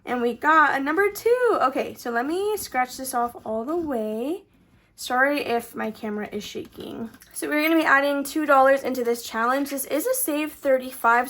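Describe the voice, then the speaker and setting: High-pitched and a little bright, a young woman from Texas vlogs about the challenges she's set herself for saving money. She rambles casually with plenty of fillers, her lines rising at the end.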